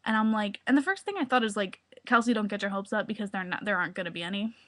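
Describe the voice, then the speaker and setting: A young woman talking excitedly into her webcam at home, gushing and full of filler words. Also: medium pitch, quick pace. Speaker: vlogger. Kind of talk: excited casual webcam vlog. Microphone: webcam mic.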